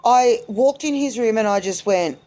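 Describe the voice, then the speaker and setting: A woman's voice: a little high, moderate pace, mellow. A woman in her forties chats alone to her camera in a loose, rambling way. She often stops mid-thought, restarts, and speaks with plain candour and an easy lilt. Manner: rambling, self-interrupting, candid. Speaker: vlogger. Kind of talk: casual solo vlog chat.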